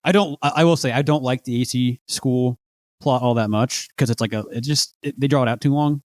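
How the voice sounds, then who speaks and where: A man's voice: mid-range voice, a little fast, no echo, studio quality. A man co-hosting a podcast, chatting casually and rambling with lots of hedges while quoting lines from a show. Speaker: podcast co-host. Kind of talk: casual chat.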